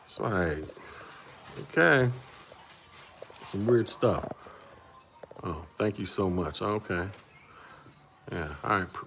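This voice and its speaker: There's slight background noise behind this lowish male voice. He's a livestream host in his 40s reading chat and chatting casually, rambling along with repeated words and frequent chuckles.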